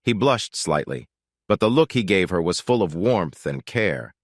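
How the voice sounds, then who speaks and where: A man narrating a first-person story in a steady, scripted way. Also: sits low, normal speed, no echo, clean studio sound.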